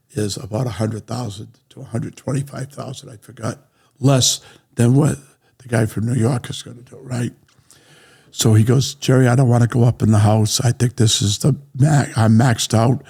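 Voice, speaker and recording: A man with a New England accent, a real estate developer telling animated stories in a podcast interview and acting out the lines of the people in them. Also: mid-range voice, creaky, breathy edge.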